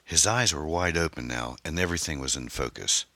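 A man reading his own novel aloud as an audiobook, in an unhurried, measured way. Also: very deep voice, pushed and bright, no echo. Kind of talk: scripted audiobook narration.

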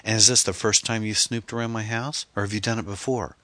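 A man voicing a frightened, stern middle-aged mother who asks sharp, demanding questions. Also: fairly low pitch, level tone, brisk, no echo, voice pushed up, lightly acted.

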